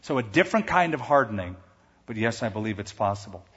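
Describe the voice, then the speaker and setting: Husky man preaching in a reverberant church. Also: fairly low pitch, big pitch swings, fairly bright tone. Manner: emphatic, slows and lifts his voice on key words. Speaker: pastor. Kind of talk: sermon. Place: large church sanctuary. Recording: dull sound with long hall reverb.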